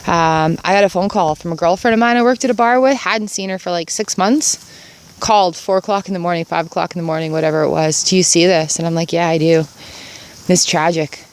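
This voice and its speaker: This vlogger, a middle-aged woman, talks fast in a smooth, fairly low-pitched voice. She films a casual gratitude vlog outdoors in her yard, staying earnest and upbeat and repeating phrases for emphasis.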